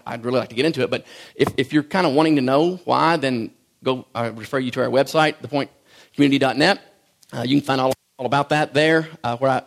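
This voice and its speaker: A middle-aged pastor preaching a sermon in a conversational, folksy way, swinging from loud bursts to hushed asides. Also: male voice, medium pitch, creaky. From rural farm background.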